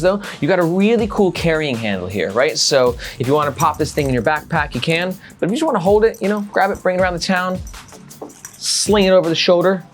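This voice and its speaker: A man hosting a casual gear review vlog, joking and swearing casually as he talks. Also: fairly high pitch. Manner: jokey, animated, swears casually.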